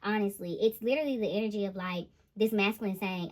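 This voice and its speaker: A woman giving a casual tarot reading to her viewers, animated and exclaiming as she goes. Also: medium pitch, quick pace, hardly any pauses. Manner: animated, laughing, exclaiming "ooh, child". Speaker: intuitive tarot reader.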